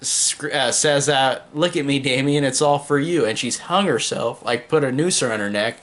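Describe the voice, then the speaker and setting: A man's voice: medium pitch, fairly bright tone. A man casually reviewing a horror movie, rambling with lots of "like" and "um" and gushing with enthusiasm. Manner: rambling, heavy use of "like" and "um".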